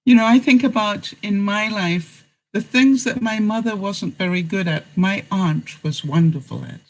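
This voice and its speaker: A man's voice: high-pitched, normal speed, poor audio. A man from England, hosting a casual vlog and answering viewers in a rambling way, often chuckling and full of fillers. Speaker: vlogger host.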